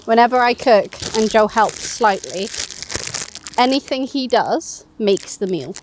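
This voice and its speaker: A woman's voice: on the high side, animated, unhurried, a little hiss or hum. A woman chatting casually while showing how she makes toasties outdoors on a fishing bank, laughing often. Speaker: co-presenter, cooking on the bank. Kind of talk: casual cooking demo chat.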